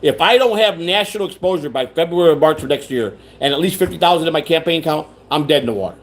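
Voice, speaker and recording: A man's voice: fairly high pitch, expressive, quick pace. A man hosting a rambling livestream chat, repeating himself, restarting sentences and reading viewer comments aloud. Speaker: livestream host.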